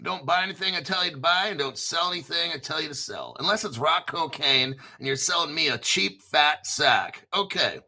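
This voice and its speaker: A man's voice: a little high, animated, moderate pace, few pauses, pushed and bright. A man hosting a casual crypto livestream, rambling and joking with lots of profanity. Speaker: crypto YouTube host.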